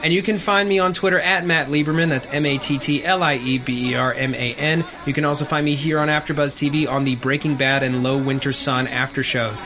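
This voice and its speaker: A man's voice: a little high, fairly even intonation, a little fast, hardly any pauses, bright, forceful tone. A man hosting a casual TV after-show chat, playful and speculative. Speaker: host.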